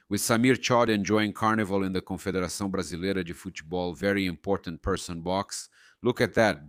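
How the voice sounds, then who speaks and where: Brazilian-born football host, deep, indignant repetitive ranting, dry close sound. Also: male voice, smooth, no room sound. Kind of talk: ranting fan commentary.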